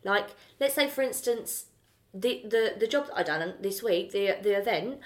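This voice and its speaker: A woman with a Cockney accent, co-hosting a casual podcast chat, telling lively stories and swearing freely. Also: medium pitch, normal speed. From South East London. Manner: animated storyteller, swears freely, acts out her own thoughts. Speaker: podcast co-host.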